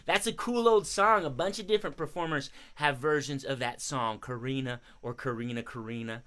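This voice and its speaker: A man hosting a live children's music show, chatting casually and giving shout-outs to young viewers. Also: mid-range voice, moderate pace, smooth. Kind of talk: casual live-stream chat for kids.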